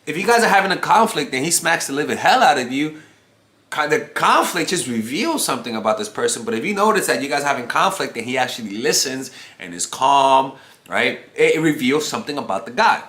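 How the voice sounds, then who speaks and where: A man's voice: medium pitch, sing-song, brisk, bright, forceful tone. A man giving casual dating advice to camera, rambling and profane, with many restarts. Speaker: dating coach. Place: room at home. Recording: echoey room.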